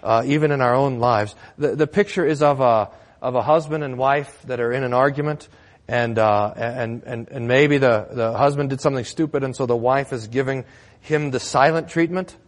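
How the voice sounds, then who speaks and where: A man's voice: medium pitch, moderate pace. A male pastor preaching a sermon in a church, conversational with wry humor.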